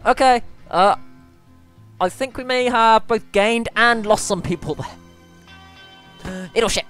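A woman's voice: a little high, takes it slowly, soft background music. A woman commentating over gameplay in a chatty, playful way, often breaking into panicked squeals. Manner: excitable, squeals and panics during play; chatty, playful self-mockery. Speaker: let's play gamer.

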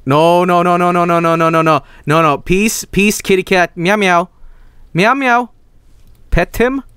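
A young man streaming a video game, excitable and swearing, often yelling at the characters on screen. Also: high-pitched, moderate pace, clear, resonant tone, no echo. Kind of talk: gaming livestream commentary.

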